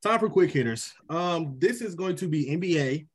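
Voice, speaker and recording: A man co-hosting a sports podcast, running a quick-fire quiz segment in a brisk, playful way. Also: fairly high pitch, animated, breathy edge. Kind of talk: casual sports chat.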